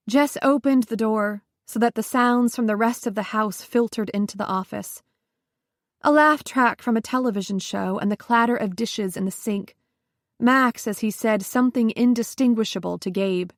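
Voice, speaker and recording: A woman narrating a suspense audiobook in a measured, even storytelling manner. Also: mid-range voice, dry recording, studio quality. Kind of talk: scripted narration.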